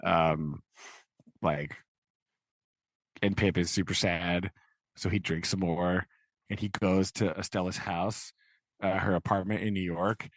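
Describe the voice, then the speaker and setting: A man's voice: low-pitched, fairly even intonation, takes it slowly, pauses often, dry recording. Rambling man in a dry room. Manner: rambling, many filler likes. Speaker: podcast co-host. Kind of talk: casual chat recapping a film.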